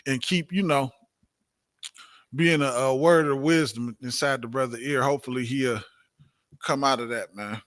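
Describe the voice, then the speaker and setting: Teaching a religious class, this man speaks in a mid-range voice that's a bit bright. His delivery is emphatic and sermon-like, full of repeated points and rhetorical questions.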